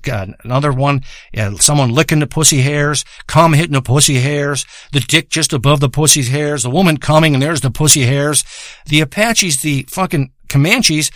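Rambling foul-mouthed man, fairly high voice. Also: fairly bright tone, dry recording. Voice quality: profane, rambling, loses his thread. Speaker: storyteller. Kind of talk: rambling crude comedic monologue. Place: home in a rural area.

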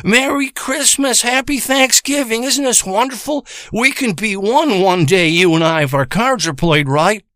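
A man's voice: high voice, unhurried, hardly any pauses, a bit bright, dry recording, clean studio sound, pitched above the performer's own voice. A man voicing a fake-sweet, scheming young woman in a mock-sweet, taunting way.

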